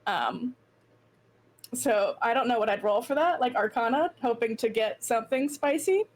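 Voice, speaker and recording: A woman's voice: a little high, lively intonation, moderate pace. A woman player chatting casually at a tabletop game, thinking aloud with many fillers. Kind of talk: casual chat.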